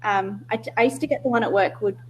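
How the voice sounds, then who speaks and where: A woman's voice: medium pitch, quick pace, slight background noise, rough recording. A woman in a casual online discussion, speaking candidly, often losing her thread and laughing at herself. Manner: candid, self-interrupting, laughs easily. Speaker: discussion participant.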